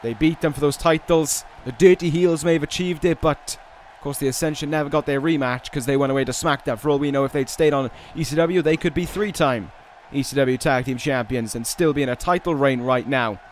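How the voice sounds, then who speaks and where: A man giving play-by-play commentary over a wrestling video game, with casual, rambling asides and restarts, and excited calls on big moves. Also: fairly high pitch, brisk, hardly any pauses, a little hiss or hum. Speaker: gaming video host.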